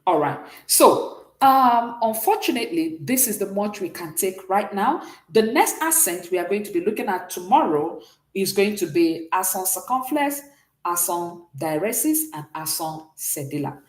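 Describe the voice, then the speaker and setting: A woman teaching beginners in an online class, her pitch rising and falling as she explains step by step. She often checks that her students are following. Her voice carries a noticeable room echo. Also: lively intonation, moderate pace. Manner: explains patiently, checks in with "okay?". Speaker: French teacher.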